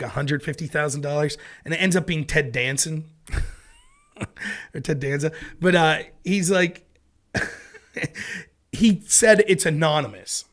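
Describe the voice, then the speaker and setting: A man's voice: on the high side, a bit bright. A man in his thirties hosting a casual commentary show, telling rambling stories with frequent swearing. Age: 30s. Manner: rambling, profane storyteller. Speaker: host.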